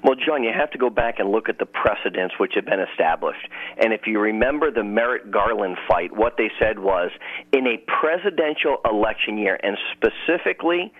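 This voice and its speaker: A man calling in as a guest on a political radio show, giving measured, deliberate explanations. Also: fairly low pitch, lively intonation. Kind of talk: phone-in radio interview. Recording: tinny phone line.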